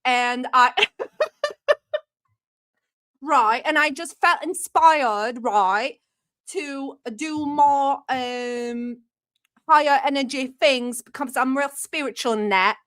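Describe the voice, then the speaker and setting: A woman's voice: high-pitched, slow pace, long pauses, a bit bright. A woman livestream host putting on a brash, chatty British persona with a put-on British accent, blunt and slangy. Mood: cheeky. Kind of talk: live stream chat.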